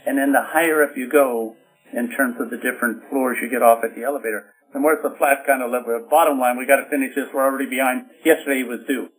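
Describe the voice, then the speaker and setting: Instructive male author explaining calmly. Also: mid-range voice, low-quality recording. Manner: instructive, talks in bottom lines, demonstrates by example. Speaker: author and communication expert guest. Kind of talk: explanatory interview talk.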